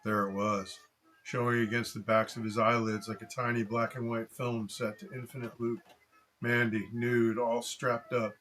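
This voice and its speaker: A man reading a story aloud in steady, dry scripted narration. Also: on the low side, rough recording.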